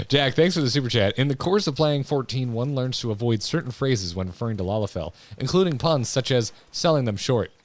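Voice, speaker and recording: A man's voice: medium pitch, lively intonation, fairly quick, a little hiss or hum. A man streaming a video game, joking and muttering casual commentary. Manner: joking, mumbling asides, laughs often. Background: faint game music.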